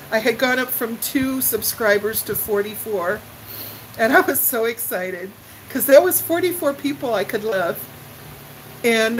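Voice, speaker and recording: A woman's voice: mid-range voice, slight background noise, rough recording. An older woman chatting live with her viewers, emotional and tearful as she gushes her thanks. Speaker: livestream vlogger. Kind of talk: casual live chat with viewers.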